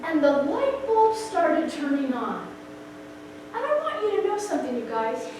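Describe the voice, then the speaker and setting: A middle-aged woman shares her testimony in a high, sing-song voice that swoops up and down as she acts out each moment. She sounds far from the mic, in an echoey room with steady background noise. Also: a little slow. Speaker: speaker sharing a personal testimony. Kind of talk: animated storytelling testimony.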